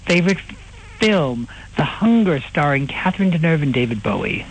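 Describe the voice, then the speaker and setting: A man guesting on a radio interview, playful and quick with joking asides. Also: a little high, very animated, creaky, a little hiss or hum, poor audio.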